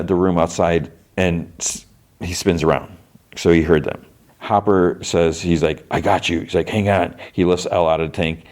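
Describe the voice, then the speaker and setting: A man's voice: low-pitched, darkish tone. A man hosting a podcast, casually retelling a show's scenes, quoting characters with loose voice shifts and sarcastic asides. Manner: quotes characters with loose voice shifts, many fillers like "like". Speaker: podcast host recapping a series.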